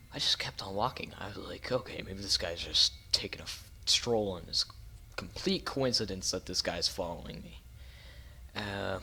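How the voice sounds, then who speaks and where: Young male vlogger, lowish bright voice, loose rambling storytime delivery. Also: a little hiss or hum. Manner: rambling, self-correcting, lots of fillers. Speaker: YouTuber. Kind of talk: casual storytime narration.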